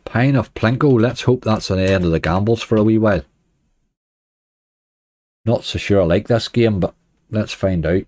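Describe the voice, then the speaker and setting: A man's voice: on the low side, moderate pace, long pauses, darkish tone. A man with a Northern Irish accent giving chatty running commentary as a slots streamer, grumbling at the game and chatting to viewers.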